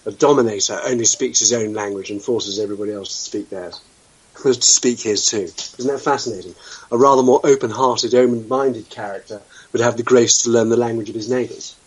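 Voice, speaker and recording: A man's voice: mid-range voice, steady tone, fairly quick, breathy edge, rough recording. A man from the UK hosting an internet radio talk show, wry and blunt, throwing out sweeping opinions with the odd swear word. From United Kingdom.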